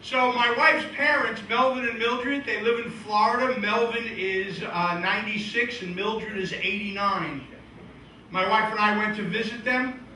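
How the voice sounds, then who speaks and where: A middle-aged man doing a stand-up comedy and magic routine with deadpan joke delivery, acting out the voices of old relatives. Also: high-pitched, unhurried. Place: live show venue. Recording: echoey room from a distant mic, faint noise.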